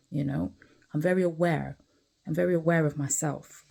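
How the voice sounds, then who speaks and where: A woman speaks in a low, dark, gravelly voice. She is tired and talks candidly, with lots of asides to the listener and repeated phrases. She is sitting outside while she vlogs. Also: fairly even intonation, moderate pace. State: tired, yawning. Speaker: vlogger. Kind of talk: reflective personal vlog.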